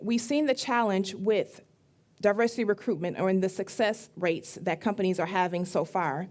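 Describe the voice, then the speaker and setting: Woman giving a formal startup pitch. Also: darkish tone. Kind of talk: rehearsed pitch presentation.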